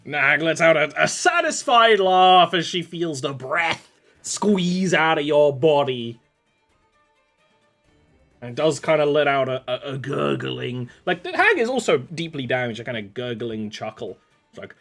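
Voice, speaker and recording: A man running a tabletop game as game master, his pitch rising and falling with lively energy. He narrates casually, tossing off quick asides and laughing with his players, over faint music in the background.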